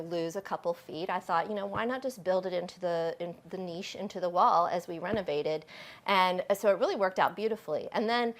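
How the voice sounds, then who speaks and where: A middle-aged woman, chatting casually while she shows guests around her home, with lots of fillers. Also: on the low side. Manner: chatty and friendly, with frequent fillers. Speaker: homeowner giving a home tour. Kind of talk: casual home tour chat.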